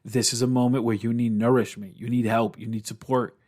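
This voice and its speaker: A man's voice: mid-range voice, flat delivery, brisk, a little mellow. Male podcast host, mid-range voice, earnest and encouraging, repeats lines for emphasis. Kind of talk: heartfelt motivational talk.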